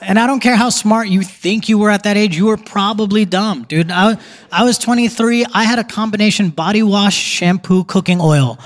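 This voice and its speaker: A young man doing a stand-up set in a theater, chatty and quick, slipping into put-on voices for quotes. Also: high-pitched. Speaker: stand-up comedian. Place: theater stage before a live audience. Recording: live theater with crowd noise.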